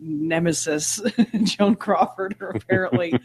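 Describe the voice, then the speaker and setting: A woman's voice: fairly low pitch, measured pace, a little mellow, slight background noise. A woman co-hosting a casual podcast chat, wry and chatty, laughing often. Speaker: podcast co-host.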